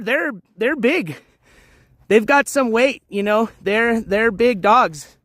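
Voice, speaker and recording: Very high-voiced man, blunt rambling vlogger. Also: a bit bright, dry recording. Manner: blunt and profane, lots of "you know" fillers. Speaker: live-stream vlogger. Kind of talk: casual rambling live-stream chat. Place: outdoors by water, walking dogs.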